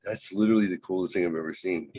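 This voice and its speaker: Man doing an amazed swearing dad, husky, low voice, dry sound. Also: steady tone, fast talker, dark tone, dry recording. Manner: blunt, profane. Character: amazed middle-aged father.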